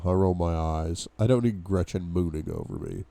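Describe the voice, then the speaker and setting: A man's voice: deep voice, huge pitch swings, moderate pace, gravelly, hardly any pauses, dark tone, no echo. A young man reading a novel aloud for a book club, with asides to his viewers. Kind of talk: audiobook-style reading.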